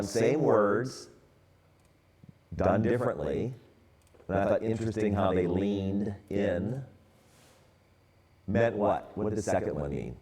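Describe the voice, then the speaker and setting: A man in his sixties from the San Francisco area gives a relaxed, storytelling church talk, full of casual fillers. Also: lowish voice. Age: 60s. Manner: relaxed, conversational, many fillers. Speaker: church ministry speaker.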